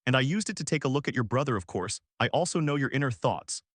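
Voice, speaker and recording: A man's voice: medium pitch, lively intonation, fast talker, husky, no room sound, clean studio sound. A man voicing a smug, cold kidnapper who taunts and mocks. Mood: taunting.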